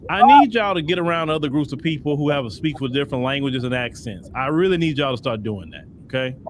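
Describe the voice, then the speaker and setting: A man's voice: medium pitch, lively intonation, fast, a little hiss or hum. A man hosting a commentary show, speaking straight to his audience in a preachy tone and repeating himself. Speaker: podcast host. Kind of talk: animated commentary.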